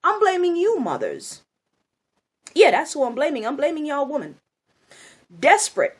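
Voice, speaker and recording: A woman's voice: sits high, huge pitch swings, normal speed. A woman speaking in a blunt, scolding monologue, angry and firing off rhetorical questions. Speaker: video commentator.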